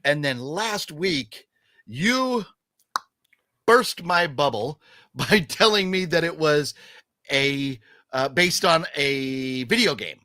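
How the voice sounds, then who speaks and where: A man's voice: a little high, lively intonation, slow pace, bright, forceful tone, no room sound, studio quality. A man hosting a casual movie chat, opinionated and emphatic, rambling with restarts. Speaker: podcast host.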